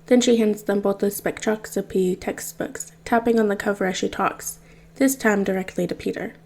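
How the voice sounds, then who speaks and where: Lady reading a podfic, even wry narration, warm mellow voice. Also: mid-range voice, normal speed. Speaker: podfic reader. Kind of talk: fanfiction audiobook reading.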